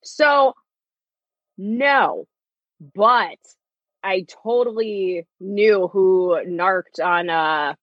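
A woman in casual chat about a TV series, animated and laughing often, acting out quotes in different voices. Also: medium pitch, extremely slow, pauses often, no echo, dull audio.

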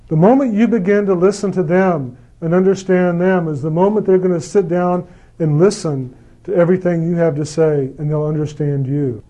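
A man giving a gentle, repetitive spiritual talk about meditation and enthusiasm. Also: high-pitched. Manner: gentle, repetitive, acts out quoted lines with mock enthusiasm. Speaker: spiritual speaker.

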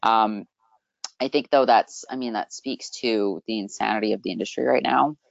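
A woman from Canada, a sport scientist, talks in a lively way with many "like"s and restarts. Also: very deep voice, moderate pace, vocal fry, dry recording, highs cut off. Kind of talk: conversational interview.

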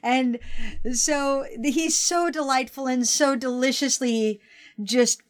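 A woman's voice: high voice, slow pace. A woman co-hosting a casual film chat, retelling the plot and acting out lines in quoted voices. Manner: animated, acts out characters in quoted voices. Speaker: podcast co-host.

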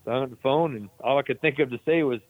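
A man's voice: medium pitch, rapid-fire, dry recording. Vet guy telling war stories, swears a lot, laid back, thin phone sound, dry. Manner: laid-back, profane, laughs while telling. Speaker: army veteran guest. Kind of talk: casual storytelling. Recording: tinny phone-like line.

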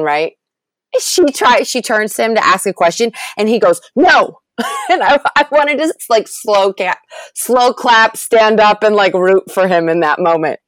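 A woman talking in a casual chat as a podcast guest, animated and laughing as she rants. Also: medium pitch, normal speed, smooth, dry recording.

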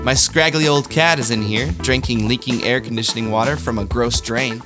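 A man hosting a satirical news monologue with deadpan delivery and self-deprecating asides. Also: medium pitch, brisk, music in the background. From Kansas City area. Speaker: comedy news host.

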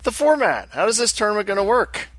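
A man's voice: sits high, very animated, fast talker, a bit bright, no echo. A man hosting a casual podcast, upbeat and joking with his co-host and guests.

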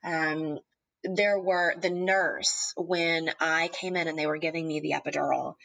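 A woman in her thirties telling a deeply personal story, at times tearful, halting with ums and restarts. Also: creaky, fairly bright tone, rough recording. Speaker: guest sharing a personal story.

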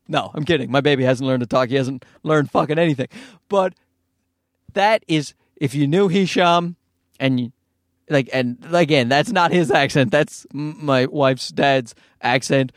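A man hosting a podcast, telling a story casually, profane and animated, often laughing. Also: mid-range voice, measured pace, dry recording, clean studio sound.

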